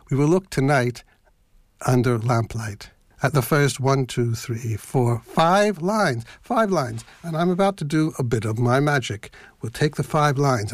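An older man hosts a reflective podcast, reading and unpacking poetry with a playful, self-mocking lilt. He is from Philadelphia, but only a faint trace of the accent remains. His voice sits at a middling pitch and is recorded close and dry, with no room sound. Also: dry recording. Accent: Philadelphia, mostly covered over. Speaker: podcast host.

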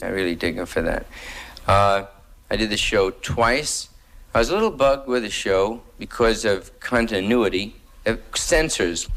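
A man's voice: lowish voice, a bit bright. A man with a New York accent telling a comic monologue in a laid-back hipster drawl full of slang. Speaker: stand-up comedian.

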